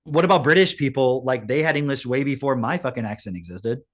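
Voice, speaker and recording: An animated man chatting casually with a friend, his pitch in the middle for a man. He leaps upward when making a point and throws around rhetorical questions and the odd swear word. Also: quick pace. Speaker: co-host. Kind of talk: casual reaction chat.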